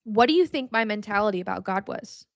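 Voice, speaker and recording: A woman's voice: medium pitch, expressive, quick pace, creaky, no echo, clean studio sound. A young adult woman hosting a podcast, teaching about faith in a blunt, casual way, cussing freely and ranting with animation. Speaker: podcast host.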